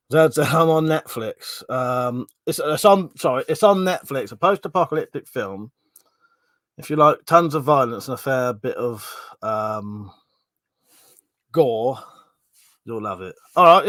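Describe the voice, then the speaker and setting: A man's voice: medium pitch, dry recording. Swearing, chatty man. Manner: chatty and swearing, laughs often. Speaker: livestream host. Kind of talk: casual live chat reading comments.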